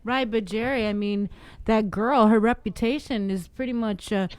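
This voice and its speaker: A woman co-hosting a talk show, teasing and lively as she questions the guest. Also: a little high, moderate pace, smooth, dry recording. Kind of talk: casual talk-show chat.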